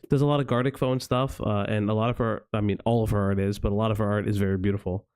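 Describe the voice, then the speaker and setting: A man hosting a live stream in casual chat, rambling and swearing, who drops to a low mumble when he thanks his chat. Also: steady tone, racing, a little mellow, clean tone. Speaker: stream host.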